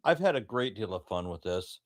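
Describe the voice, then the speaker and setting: A man's voice: on the low side, big pitch swings, fairly quick, no echo, clean studio sound. A man co-hosting a live stream, talking bluntly and emphatically, with some profanity. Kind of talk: casual debate review chat.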